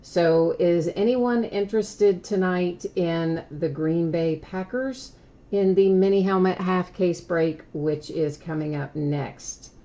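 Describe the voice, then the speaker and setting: Speaking slowly in a low, dark voice, this card break host goes on at length about shipping details during her live stream, keeping it casual and occasionally laughing at herself. The recording sounds muffled.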